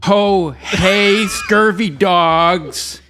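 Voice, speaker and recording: A man's voice: sits high, extremely slow, music in the background, full character voice. A man doing a hammy pirate voice while reading an ad aloud, tripping over words. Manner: stumbling over words, breaking into laughter. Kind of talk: comic ad read in a pirate voice.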